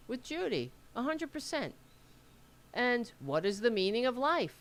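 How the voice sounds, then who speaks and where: A woman's voice: on the high side, big pitch swings, normal speed. A woman hosting a casual livestream, rambling as she reads aloud and answers viewer comments, with a Staten Island accent. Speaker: host.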